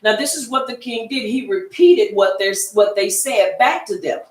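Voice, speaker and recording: Woman, Bible class teacher, folksy conversational talk, higher voice, echoey room, distant mic. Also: normal speed. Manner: conversational, folksy, repeats herself and acts out quoted voices. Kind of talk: Bible study lesson.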